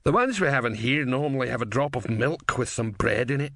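A man's voice: mid-range voice, lively intonation, brisk, a bit bright, dry recording, clean studio sound. A man doing a chatty tavern barman. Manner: chatty and homely.

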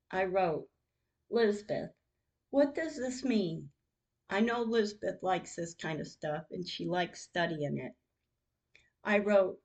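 A woman's voice: medium pitch, darkish tone. A woman hosting her own podcast, reading out her text messages in an emotional, heartfelt way. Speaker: podcast host.

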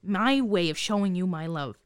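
A woman's voice: fairly low pitch, animated, moderate pace, clean tone, dry recording, clean studio sound, close to an everyday voice. A woman playing a brash, profane basket seller in an improvised comedy sketch, talking with sarcastic dismissiveness. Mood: snarky. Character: brash foul-mouthed woman hawking hair baskets.

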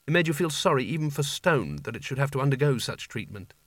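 A man doing scripted audiobook narration in a measured, wry storytelling manner. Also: mid-range voice, lively intonation, no echo.

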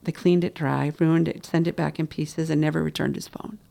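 A guest in an interview telling a personal story in a mid-pitched voice with a gravelly texture. The delivery is emotional. The speaker often acts out other people's words while telling the story. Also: steady tone, fairly quick, warm tone, a little hiss or hum. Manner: emotional, reenacts dialogue.

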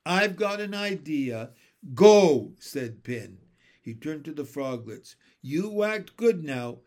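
A stubborn male frog prince from a storybook, dropping his words in slow, clipped, broken bursts, as a man reads him aloud. His voice sits a touch high and swings widely. The lines come out plodding and blunt. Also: very animated, darkish tone. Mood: commanding.

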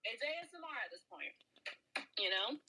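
A woman's voice: fairly high pitch, brisk, poor audio. A young woman co-hosting a podcast in casual chat, rambling with many fillers while snacking. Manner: relaxed, rambling, lots of fillers. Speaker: podcast co-host.

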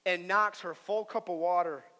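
Young man, pastor, high bright voice, swings between soft and emphatic preaching, reverberant church hall. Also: fairly even intonation, moderate pace. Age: young adult. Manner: tells stories with playful put-on voices. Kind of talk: sermon. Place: church auditorium.

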